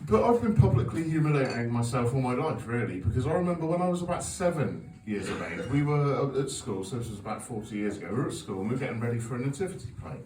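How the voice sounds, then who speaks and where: A man's voice: mid-range voice, expressive, fast, few pauses, a little mellow, a little hiss or hum. A man in his forties doing a stand-up comedy set, telling sweary, self-mocking stories with an audience laughing along. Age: 40s. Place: comedy club stage. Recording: echoey venue, taped from a distance.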